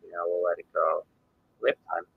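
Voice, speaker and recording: Brief: male co-host with a lower voice, relaxed and chatty, speaks to the audience. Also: a little fast, narrow, tinny audio, a little hiss or hum. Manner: easygoing, explains plans, addresses viewers directly. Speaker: podcast co-host. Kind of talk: casual livestream chat.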